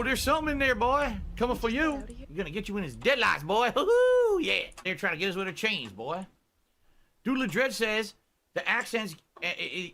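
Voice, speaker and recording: A man's voice: high voice, sharp tone, full character voice. A man putting on a drawling old Southern colonel. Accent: put-on American Southern. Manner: drawling, rowdy, brash heckling. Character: folksy old Southern colonel, calls everyone boy. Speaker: streamer. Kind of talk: in-character game commentary.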